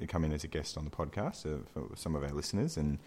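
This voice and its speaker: A man with a very low voice co-hosts a casual podcast chat. He rambles along with plenty of ums and restarts. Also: expressive, fast talker, a little mellow, breathy edge. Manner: rambling, hesitant, laughs while talking. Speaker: podcast co-host.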